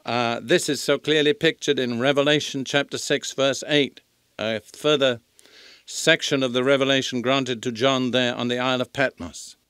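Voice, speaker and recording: An older man teaching the Bible in a sermon, reading scripture slowly and emphatically. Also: medium pitch, fairly even intonation, a bit bright, clean tone, dry recording, clean studio sound.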